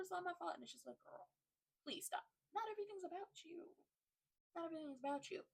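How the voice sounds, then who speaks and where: A woman hosting a soap opera recap, talking in a blunt, animated, profane, casual way. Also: medium pitch, poor audio.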